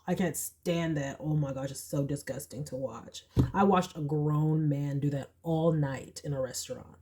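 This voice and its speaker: A young woman giving a casual pick-a-card tarot reading, chatty and animated, with slangy asides. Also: sits low, a little slow. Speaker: tarot reader.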